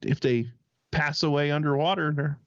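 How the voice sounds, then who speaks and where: A man's voice: on the high side, fairly even intonation, normal speed, no echo. Rambling man co-hosting over a dull line. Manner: rambling, hedging with fillers, speculative. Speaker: co-host. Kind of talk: casual radio-show chat.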